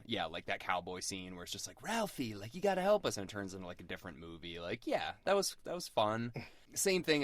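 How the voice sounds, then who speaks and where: A man co-hosting a podcast, chatting casually about a film with plenty of "like" fillers and animated jumps in pitch. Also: dry recording. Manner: lots of "like" fillers, animated, leaps up in pitch for quoted lines. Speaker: podcast co-host. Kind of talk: casual film review chat.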